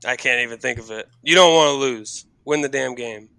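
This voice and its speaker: A man's voice: medium pitch, brisk, pushed and bright, smooth, no echo. A man filling in as co-host on a casual sports podcast, laid-back and blunt with some swearing.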